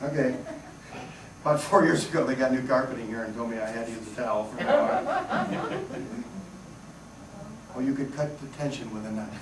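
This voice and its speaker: A man's voice: mid-range voice, big pitch swings, moderate pace, pauses often. A man performing comedy magic on stage, teasing a volunteer and joking with the audience. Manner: joking, teasing, self-deprecating. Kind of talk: live stage magic patter with audience banter. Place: large hall with live audience. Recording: echoey hall recorded from far off, loud noise.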